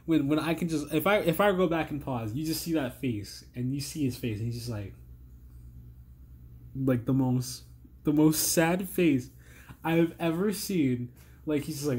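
A man's voice: a little high, moderate pace, darkish tone. A tired man hosting a reaction video, rambling in an exasperated, stammering way and swearing often. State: tired, strained voice. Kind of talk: casual rambling commentary.

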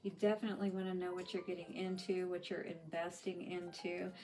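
A woman's voice: on the low side, level tone, fairly quick, mellow. A woman talks through a spiritual tarot reading in a chatty, reassuring way. She often drops in "you know" and "right?" as she goes. A faint noise sits behind her voice. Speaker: tarot reader.

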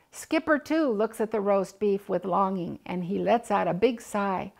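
Older woman, children's read-aloud, gentle storyteller, slight gravel, mid pitch. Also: normal speed, hardly any pauses. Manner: gentle storytelling, voicing animal sounds and family lines. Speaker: storybook reader.

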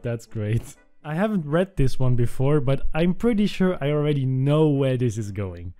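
A man's voice: mid-range voice, expressive, normal speed, mellow, clean tone, faint music behind. A young man hosting a video, reading jokes aloud in casual commentary and laughing at them often. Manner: giggly, laughs at his own readings. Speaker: meme-reading video host.

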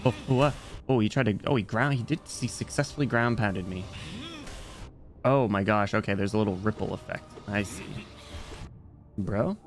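A man's voice: on the low side, moderate pace, long pauses, music in the background. A young man streaming a video game, rambling and joking with his chat while he plays. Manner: rambling, jokey, talks to chat while playing. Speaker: VTuber streamer. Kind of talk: casual gaming livestream chat.

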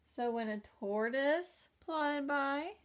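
Slow, gentle woman reading to kids. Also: high voice. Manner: gentle, slow and expressive, asking the listener questions. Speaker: teacher. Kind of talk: reading a picture book aloud to young children.

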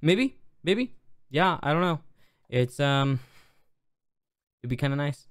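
A young man co-hosting a casual tech podcast, joking and relaxed, with plenty of fillers and restarts. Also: fairly high pitch, slow, smooth, no room sound, studio quality. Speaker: podcast co-host. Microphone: studio podcast microphone.

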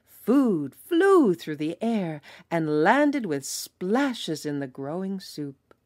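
Woman preschool teacher reading a storybook, lively and slow, dry close sound. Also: sits low, no echo. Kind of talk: picture-book read-aloud.

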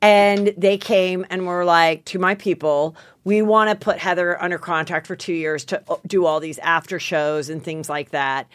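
A woman's voice: fairly low pitch, steady tone, normal speed, few pauses, dry recording. A woman in her forties hosting a podcast, telling rambling stories with frequent laughs and casual swearing. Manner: rambling storyteller, swears freely, laughs often. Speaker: podcast host. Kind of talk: casual chat.

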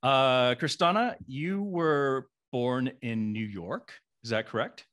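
A man's voice: medium pitch, slow pace, a bit bright. A man in his forties hosting a casual interview, chatty and playful, often rambling through restarts. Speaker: podcast host interviewing guest actresses.

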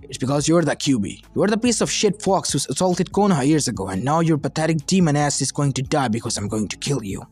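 Brief: gloating, sadistic ninja traitor read by a man, slightly high voice, lofi music under. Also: animated, quick pace, husky. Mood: sneering. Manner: mocking, gloating. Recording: soft lofi music behind.

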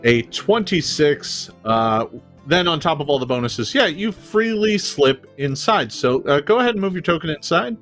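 A game master running a fantasy tabletop session, mid-pitched and unhurried. The narration is loose and conversational, dotted with little fillers. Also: soft background music. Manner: relaxed, easygoing narration with fillers.

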